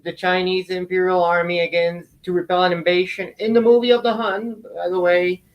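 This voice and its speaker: A man's voice: sits high, level tone, a little fast, lo-fi sound. A man hosting a casual podcast, rambling off into long historical tangents. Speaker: podcast host.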